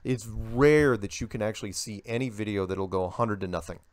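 An older man, a guest in a casual interview, telling stories in an animated way and acting out the voices he quotes. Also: on the low side, brisk, no room sound.

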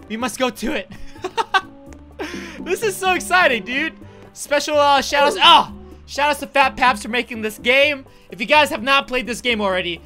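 A man hosting a gaming video, hyped and joking with loud bursts of excitement. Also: very high voice. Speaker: gaming YouTuber host. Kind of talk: excited let's-play commentary.

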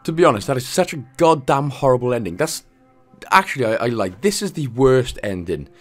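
A man's voice: mid-range voice, big pitch swings, fairly quick, soft background music. A man hosting a game walkthrough in casual commentary, chatty and jokey, drifting into playful asides.

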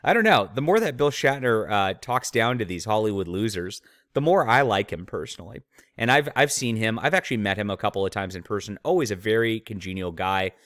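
A man's voice: lowish voice, expressive, fairly quick, a bit bright, dry recording, studio quality. A man hosting his own channel, giving opinionated commentary with sneering, mocking asides. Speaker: channel host, author.

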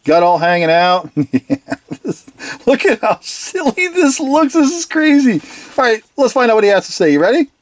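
Toy reviewer, casual video review, giggly, enthusiastic, very animated pitch. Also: moderate pace, no room sound. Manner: giggly and enthusiastic, laughs often; mimics the toys' catchphrases playfully.

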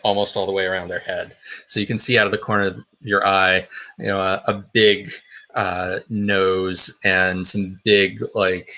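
A man's voice: sits low, bright, forceful tone. A man narrating a tabletop role-playing game as game master, in a hesitant way with many fillers and restarts.

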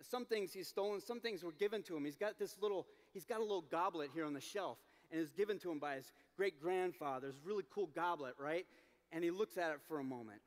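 A man telling a story as a dramatic sermon at a youth event, acting it out and shouting at the peaks. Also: a little high, fast. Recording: long hall reverb.

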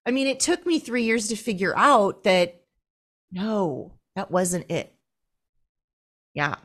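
A woman's voice: medium pitch, animated, takes it slowly, a bit bright. A woman guest on a podcast, speaking candidly and bluntly in casual chat.

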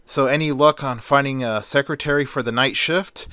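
A man voicing a dry, sarcastic male paranormal scientist in an amateur story reading, with a flat, unhurried delivery. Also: mid-range voice, clear, resonant tone, no room sound, lightly acted.

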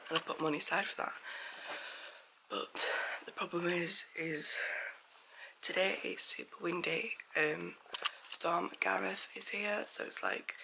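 A woman chatting casually in a vlog at home, croaky with her morning voice, rambling and often talking in a hushed half-whisper. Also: on the low side, slight background noise, rough recording. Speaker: vlogger. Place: at home, indoors.

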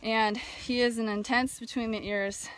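A woman's voice: on the high side, steady tone, measured pace, a bit bright. A woman hosting a live video about horse training, talking casually with many fillers, outdoors near a barn with a phone. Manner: thoughtful, many fillers and restarts. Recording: faint wind noise outdoors. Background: wind noise.

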